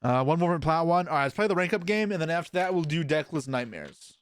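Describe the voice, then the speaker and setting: Lively laid-back male streamer. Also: fairly high pitch, fast, smooth, no room sound. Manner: laid-back, jokey, swears and laughs often. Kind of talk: casual live gameplay commentary.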